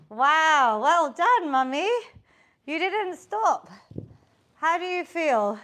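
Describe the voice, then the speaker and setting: A woman's voice: very high-pitched, animated, drawn-out words, bright, forceful tone. A woman leading a live online workout class, encouraging her group and counting the reps aloud. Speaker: fitness instructor.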